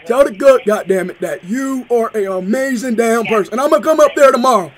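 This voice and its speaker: A man's voice: extremely high pitch, fairly quick, soft background music. A young man faking a cursing, chicken-crazed dad on the phone. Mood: rowdy. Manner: loud, crude, cursing, insistent. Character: brash swearing middle-aged dad raving about chicken. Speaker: prank caller.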